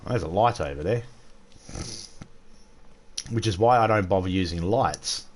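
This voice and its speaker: A man's voice: sits low, measured pace, a little hiss or hum. A man with an Australian accent, streaming a game and ranting crudely with lots of swearing. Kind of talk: casual gaming livestream rant.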